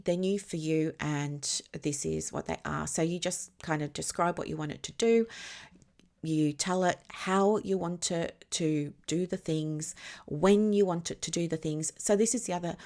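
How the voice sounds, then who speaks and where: Woman mentor, low register, chatty teaching delivery, leans on analogies and comprehension checks. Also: normal speed, darkish tone. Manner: explains through extended analogies, often checks if listeners follow. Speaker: business mentor. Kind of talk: casual teaching monologue.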